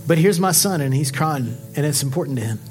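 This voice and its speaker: A man preaching a sermon, swinging from impassioned exhortation to quiet, confiding storytelling. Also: a little high, expressive, fast, soft background music. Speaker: pastor.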